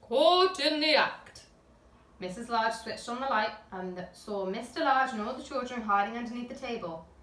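Nursery teacher reading a picture book. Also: female voice, on the high side, a little fast. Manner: gentle, chatty asides to children. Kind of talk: storybook read-aloud for young children. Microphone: camera at a distance. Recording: echoey room, filmed from a distance.

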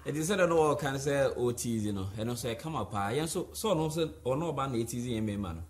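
A man's voice: mid-range voice, expressive, fast talker, slight background noise. A man hosting a studio chat show, recapping his guest's points.

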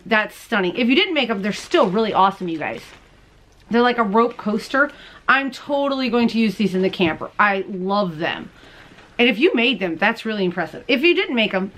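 A woman's voice: medium pitch, fairly bright tone. A woman hosting a crochet and knitting show, chatting casually to camera as she opens mail at home, bubbly and gushing and often laughing. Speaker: crochet and knitting podcast host.

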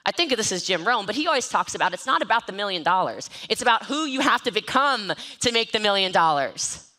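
A woman speaks from an event stage to a live and online audience with bright, forceful energy. Her motivational talk runs quick and joking, full of self-mockery. Her pitch sits in a middle range. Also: big pitch swings. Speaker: network marketing trainer.

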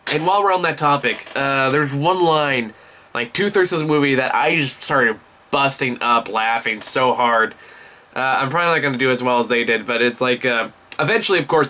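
A man's voice: medium pitch, pushed and bright. A young man giving a casual vlog movie review, enthusiastic and rambling, swearing often.

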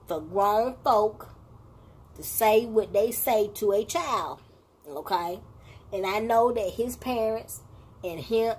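Slow, animated woman vlogger chatting. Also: medium pitch, a little hiss or hum. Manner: animated storytelling, addresses viewers as y'all, laughing asides. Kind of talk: casual reaction chat.

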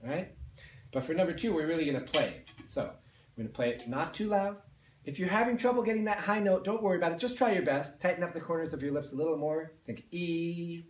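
A music teacher leads a patient lesson for beginner band students, explaining each step and counting and singing the notes along with them. His voice sits a little high and is expressive, moving at a quick pace. The room sounds spacious, with slight background noise.

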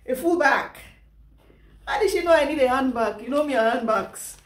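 A woman's voice: high voice, expressive, moderate pace, distant mic. A young woman with a Nigerian accent, chatting through a casual unboxing vlog, laughing often and slipping into Pidgin. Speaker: vlogger. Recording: echoey room, voice off-mic.

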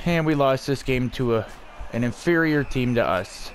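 A man's voice: medium pitch, slow, long pauses. A young man giving live commentary on his own hockey video game, swearing and raging at his teammates. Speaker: gaming YouTuber.

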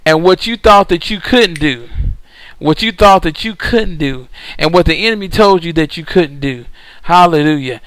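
High-voiced preacher telling an emphatic story. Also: male voice, animated, moderate pace, fairly bright tone, no echo, rough recording. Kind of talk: recorded sermon.

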